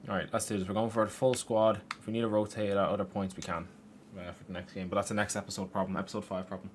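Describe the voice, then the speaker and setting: A young man narrates his own football game from his bedroom in a fairly low voice. He keeps breaking into frustrated, sweary outbursts at the players and the game. A faint hum of keyboard typing sits behind him. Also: level tone, rapid-fire. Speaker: gaming YouTuber. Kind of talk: gameplay commentary. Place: his room at home.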